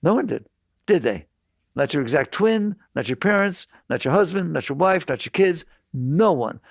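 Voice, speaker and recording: Older male spiritual teacher, gravelly voice, insistent and direct, close dry sound. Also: a little high, lively intonation, normal speed, no echo. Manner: direct, insistent, repeats points. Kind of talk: talk to an audience.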